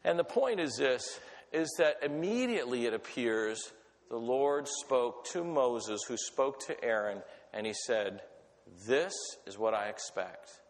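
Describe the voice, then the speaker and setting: A man preaching a sermon in an animated, conversational way, often asking his listeners questions. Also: medium pitch, measured pace, long reverb tail. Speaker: pastor.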